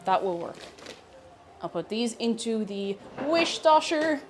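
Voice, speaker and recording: A woman's voice: on the high side, big pitch swings, takes it slowly, over music. A woman cooking on a live stream, chatting playfully with her viewers as she works. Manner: chatty, playful, talks to chat while cooking. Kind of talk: casual cooking stream chat.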